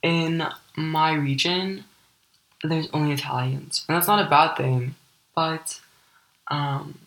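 A teenage girl from Ukraine with a deep voice, hosting a personal podcast and telling her story in a candid, rambling way full of "like" fillers. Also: fairly even intonation, takes it slowly, fairly bright tone, roomy sound, poor audio. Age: teens. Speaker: podcast host.

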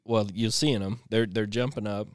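A man hosting a casual chat, telling stories in a lively way and laughing often. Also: fairly low pitch, normal speed, no room sound, studio quality. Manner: animated storyteller, laughs often. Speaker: podcast host.

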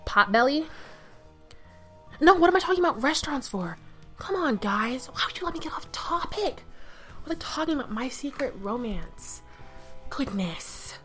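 A woman's voice: sits high, very animated, moderate pace, long pauses. Young woman, solo podcast host, rambling casual chat, filler-heavy, self-interrupting, mic on knee, sitting on bed, faint background music. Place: sitting on her bed at home. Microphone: mic balanced on her knee.

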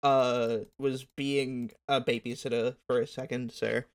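A man's voice: mid-range voice, flat delivery, measured pace, clear, resonant tone. A man with an Australian accent, co-hosting a casual podcast, who laughs often and leaves sentences hanging. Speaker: podcast co-host.

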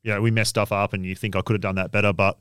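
A man's voice: on the low side, flat delivery, racing, a bit bright, smooth, no room sound, clean studio sound. A man, chatting casually on a podcast in a supportive, affirming way. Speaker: podcast co-host. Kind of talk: casual chat.

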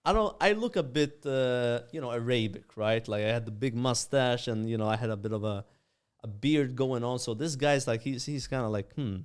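A young man from Malta, a podcast guest telling rambling, animated anecdotes full of fillers. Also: medium pitch, moderate pace, clean tone. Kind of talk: casual storytelling.

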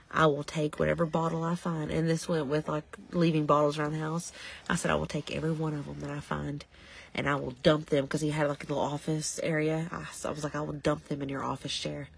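A woman's voice: low voice, creaky, slight background noise. A woman co-hosting a podcast, telling stories in casual chat and laughing often. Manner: laughing storyteller. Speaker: podcast co-host.

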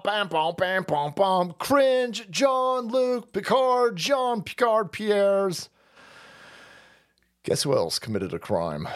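Profane, mocking male stream ranter. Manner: mocking, crude, shouting swings in pitch; does mocking falsetto voices when quoting others. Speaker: political commentary streamer. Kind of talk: profane ranting commentary on clips.

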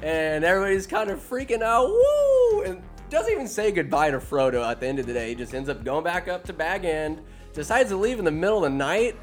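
A man hosting a comedic movie recap, loose and crude in how he tells it. His voice sits a little above average for a man, with soft music faint in the background. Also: a little high, animated, fast talker. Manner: loose, crude, joking storytelling.

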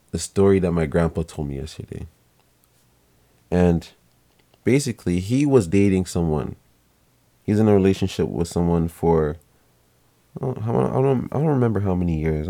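A young man casually telling a family story to camera, rambling, swearing now and then and acting out what people said. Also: low-pitched. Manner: relaxed, rambling, swears casually, acts out quotes.

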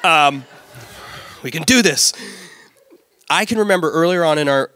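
A middle-aged pastor with a bright, forward voice delivers a lively sermon. He tells stories with playful asides, and his voice sits somewhat high for a man. The sound is close and dry. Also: moderate pace, no room sound. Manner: lively storytelling with playful asides and acted-out quotes.

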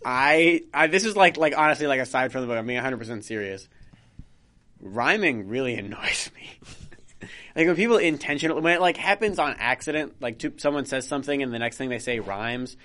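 A man's voice: medium pitch, animated, fairly quick, a bit bright. A young man co-hosting a casual podcast chat, rambling with lots of fillers and restarts. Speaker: podcast co-host.

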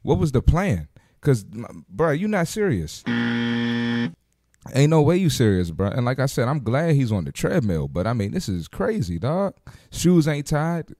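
A man's voice: mid-range voice, sing-song, moderate pace, warm tone, no echo, clean studio sound. A man hosting a podcast, reacting to video clips with blunt, joking, slangy trash talk. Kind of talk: casual reaction commentary.

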